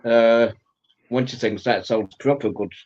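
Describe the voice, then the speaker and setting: A man's voice: mid-range voice, steady tone, a little slow, a little mellow. A man in his fifties chatting on a live show, telling jokes and laughing a lot. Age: 50s. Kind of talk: casual live chat. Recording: dull lo-fi sound.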